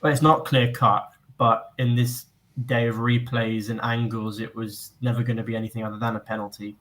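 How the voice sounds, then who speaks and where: A man's voice: medium pitch, moderate pace, poor audio. A young man calling in as a fan guest, giving an articulate, long-winded football match analysis over a remote call. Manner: articulate, even-toned, long flowing points.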